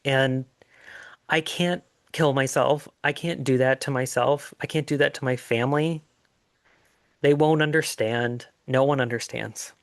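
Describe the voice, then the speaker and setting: A middle-aged man telling his own story in an earnest, reflective way, with pauses and fillers. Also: medium pitch, fairly even intonation, no room sound, studio quality. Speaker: life coach sharing his story. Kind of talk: personal storytelling monologue.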